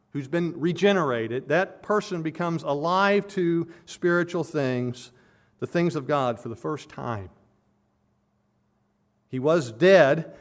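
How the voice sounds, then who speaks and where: Earnest man preaching, slightly high voice. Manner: earnest, builds to emphatic peaks. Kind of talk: expository sermon.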